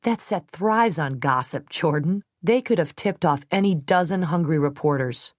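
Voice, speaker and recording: Brief: hot-tempered thirtysomething man, voiced by a female narrator, blunt, forceful, dry close read. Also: deep voice, lively intonation, moderate pace, no echo. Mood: calm, wry. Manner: blunt, forceful, sometimes scornful. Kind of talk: audiobook character reading.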